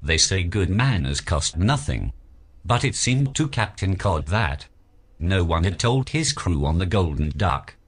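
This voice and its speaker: A man reading a children's picture book aloud as narrator, in an expressive storybook manner. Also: deep voice, a little slow, husky.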